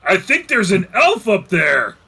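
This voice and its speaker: A man voicing rowdy male orcs charging up the stairs, shouting to each other. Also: sits high, wildly swooping pitch, measured pace, a loud crowd, pitched above the performer's own voice, exaggerated voice. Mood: hungry.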